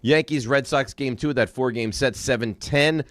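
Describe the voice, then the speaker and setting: A man's voice: medium pitch, normal speed, a bit bright, no echo, studio quality. A man co-hosting sports talk radio, bantering and teasing in a playful way. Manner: playful, repeats a catchphrase for laughs, reads live sponsor reads.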